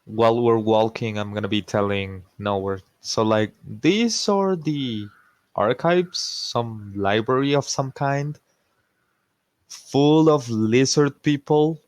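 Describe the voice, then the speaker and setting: A man's voice: mid-range voice, takes it slowly, darkish tone, no echo. A man playing in an online tabletop game, chatting playfully and laughing often. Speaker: player. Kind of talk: casual role-play chat.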